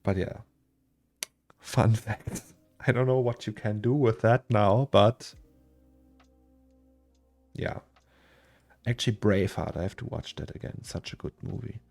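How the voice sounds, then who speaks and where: Slow, gravelly man streaming. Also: on the low side, a little mellow. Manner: rambling, musing aloud to himself and chatting to viewers. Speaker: 3D artist streaming his work. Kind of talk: casual live-stream chat while working. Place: home office. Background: faint lo-fi music.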